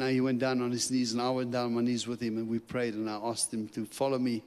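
A man preaching as a guest speaker, telling a personal story with lively, chuckling asides in which he acts out his own thoughts. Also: mid-range voice. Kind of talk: sermon storytelling. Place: church sanctuary. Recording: long church hall reverb.

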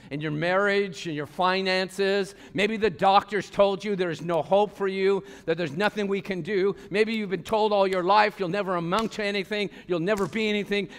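Passionate high-voiced preacher in a reverberant hall. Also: male voice. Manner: passionate, rising to calls and dropping to quiet asides. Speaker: pastor. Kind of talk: sermon. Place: church sanctuary.

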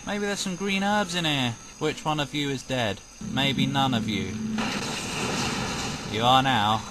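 A British game commentator gives casual let's-play commentary in a mid-range voice at a measured pace, joking, rambling and letting out sudden startled yelps. Loud game audio plays over his voice, creating heavy background noise.

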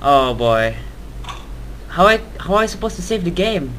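A man's voice: on the high side, big pitch swings, unhurried, a bit bright, a little hiss or hum, poor audio. A young man playing a horror video game, reacting with panic, talking to the game and screaming at jump scares, in non-native English phrasing. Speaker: gamer. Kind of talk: horror game let's play commentary.

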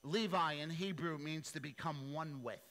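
A male pastor preaching a sermon, telling the story in an animated, playful, slangy way. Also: on the high side, moderate pace, poor audio.

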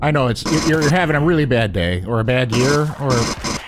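A man casually commentating his game session, his pitch rising and falling in lively swings. He chats to the enemies with mock courtesy. A faint noise sits under the recording. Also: brisk. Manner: chatty, talks to enemies with mock politeness. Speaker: gaming channel host.

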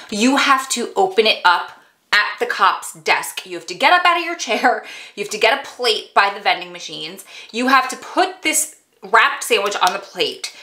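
A chatty woman telling a story to her viewers, animated and familiar, calling them "girl". Her voice is bright and forward, with an ordinary middle pitch. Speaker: vlogger, prison wife. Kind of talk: storytime vlog chat.

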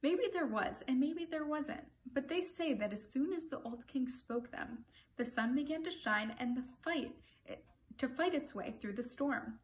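A woman reading a picture book aloud to children, expressive, with playful asides to her listeners. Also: high voice, unhurried.

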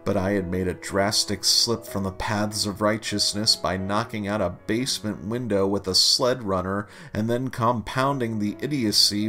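A man reading a humorous memoir story aloud with a dry, deliberate, wry delivery. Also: lowish voice, a bit bright. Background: faint guitar music.

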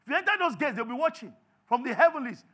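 A Nigerian man preaching a sermon as pastor, animated and acting out little scenes. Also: very high voice, fast, slightly rough. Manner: animated, acts out little scenes in others' voices. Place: church.

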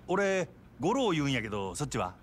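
An actor playing a brash, playful male yakuza who talks in a rough, teasing way with a Kansai accent. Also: on the high side, sing-song, very fast, a little hiss or hum. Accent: Kansai Japanese.

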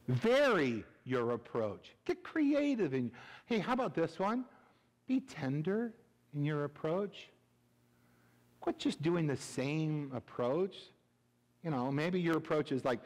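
Middle-aged pastor guy cracking jokes in a sermon, bouncy pitch, long church echo. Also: takes it slowly. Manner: animated, joking, jumps between loud and hushed. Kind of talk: humorous sermon. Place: church sanctuary. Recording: reverberant church hall.

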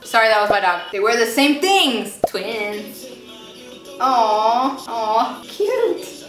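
A young woman, a reaction vlogger, comments casually on videos, gasping, squealing and gushing over what she watches. Her voice is on the high side and very animated, yet she takes it slowly. The room is echoey, with faint music.

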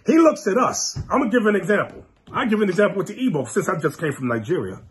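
A man preaching a fiery, mocking sermon, scolding his listeners with sudden shouts. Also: sits high, animated, fast talker. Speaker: preacher and teacher.

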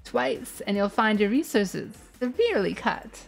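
A woman voicing a brash, sleazy middle-aged male news boss in a video game, talking tough and gruff. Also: a little high, lively intonation, a little slow, soft background music, heavily acted. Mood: grumbling.

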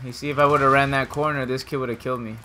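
A young man giving casual, trash-talking commentary while he plays a shooter game, and he jumps up to shouting when things go wrong. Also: medium pitch, noisy background. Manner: trash-talking, excitable, quick swings to shouting. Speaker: gameplay streamer. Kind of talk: casual live commentary over gameplay.

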